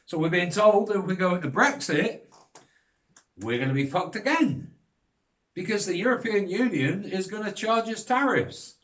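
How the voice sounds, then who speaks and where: A man's voice: high voice, lively intonation, normal speed, fairly bright tone, reverberant. An older British man delivering a blunt, sweary, heated rant straight to camera. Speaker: vlogger. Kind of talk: ranting monologue.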